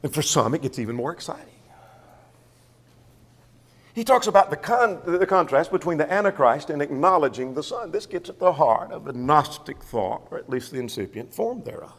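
A man's voice: a little high, lively intonation, normal speed, fairly bright tone, in a large hall. A man preaching a sermon in a church, asking himself questions and answering them.

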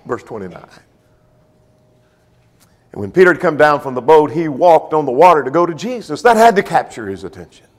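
A man's voice: fairly high pitch, big pitch swings, fairly quick, pauses often, darkish tone, long reverb tail. A man preaching a sermon, walking listeners through the text verse by verse. His delivery swings from strong emphasis down to near-murmured phrases. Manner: expository, guiding listeners verse by verse.

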